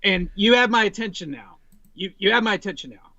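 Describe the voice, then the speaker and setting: A man in his forties tells a story on a casual podcast, his voice pitched high and bright. He rambles animatedly and restarts often. The sound is dry and close, with no room around it. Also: lively intonation, brisk, no echo, dull audio. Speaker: podcast guest.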